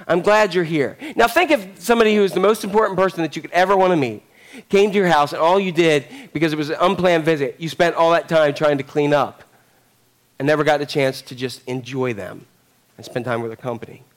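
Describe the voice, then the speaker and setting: A man's voice: on the high side, fast. A man preaching a sermon, telling a story animatedly and acting out the characters. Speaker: pastor.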